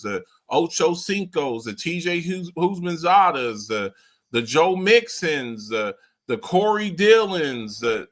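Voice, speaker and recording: Male podcast host, high bright voice, rambling and fired-up sports takes. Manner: animated, rambling, repeats himself, swears casually. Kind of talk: casual sports talk commentary.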